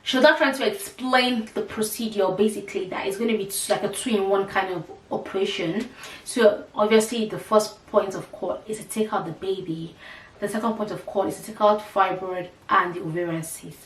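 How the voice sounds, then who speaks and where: A woman's voice: mid-range voice, fairly even intonation, moderate pace. A woman vlogger casually telling a personal story, retelling it dramatically with quoted dialogue. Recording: echoey room, mic at a distance.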